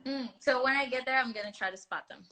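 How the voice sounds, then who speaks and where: A young woman whose first language is Portuguese, hosting a live stream and chatting in a bubbly, excitable way. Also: sits high, fast talker. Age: young adult. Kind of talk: casual live-stream chat.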